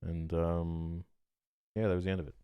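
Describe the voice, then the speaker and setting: A man's voice: low voice, smooth, dry recording, muffled recording. A man, a podcast guest, telling a story in casual talk and acting out quoted exchanges with animation. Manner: animated, quotes himself and others in quick exchanges.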